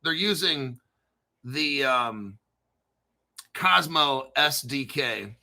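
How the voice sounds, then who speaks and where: A man's voice: medium pitch, lively intonation, extremely slow, vocal fry, bright, forceful tone. A man hosting a casual crypto livestream, rambling and joking with lots of swearing. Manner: rambling, profane, jokey. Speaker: crypto YouTuber. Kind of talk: casual unscripted livestream talk.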